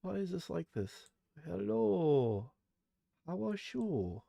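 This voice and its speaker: Brief: young American man, live streamer, slow and goofy, slightly high voice, dry close sound. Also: sing-song, gravelly, no echo, dull audio. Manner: goofy, chatty, talks to chat while working. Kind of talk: casual live-stream chat.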